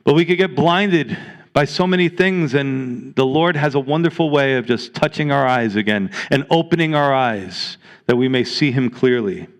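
A man's voice: mid-range voice, moderate pace. A man preaching a sermon as pastor, earnest and exhorting, reading scripture aloud to his congregation.

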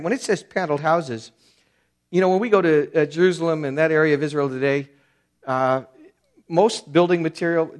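A man preaching an expository sermon, emphatic and conversational, with frequent fillers and restarts. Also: a little high. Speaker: pastor.

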